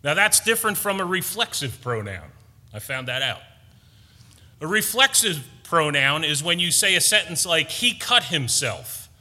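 A man preaches with a high, bright, ringing voice, pressing hard on key words and slipping in playful asides. His voice carries a long reverb, as in a big hall. The delivery swings between teaching and rising fervor. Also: big pitch swings, moderate pace. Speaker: pastor. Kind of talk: sermon.

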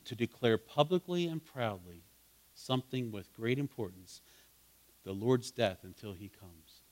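This pastor's voice is mid-range and expressive, with a measured pace. Teaching a Bible study, he delivers an interactive sermon, putting questions to listeners and working up to fervent emphasis.

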